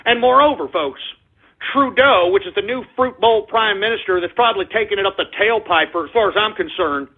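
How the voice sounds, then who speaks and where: A man hosting a radio show, delivering a loud, crude, mocking rant that swells into sudden shouts. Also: high voice, brisk, breathy edge. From United States. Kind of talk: ranting talk radio monologue. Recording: phone-like narrow-band audio.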